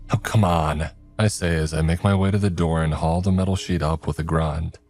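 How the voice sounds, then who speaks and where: A man telling a scripted first-person horror story, grave and steady, with stern lines of dialogue. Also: deep voice, fairly quick, faint music behind.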